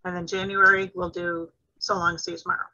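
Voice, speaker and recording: A woman co-hosting a book club over a video call, talking in a brisk, practical way about upcoming plans. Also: fairly low pitch, level tone, bright, forceful tone, no room sound. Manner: brisk, practical scheduling talk. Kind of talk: casual book club chat. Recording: dull lo-fi video call audio.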